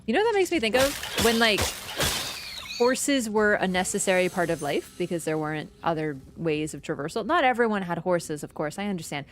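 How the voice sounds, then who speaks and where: A woman streaming a game, chatting casually with her viewers, teasing and jumping between excited bursts and low mutters. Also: a little fast, a little hiss or hum. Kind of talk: casual gameplay commentary.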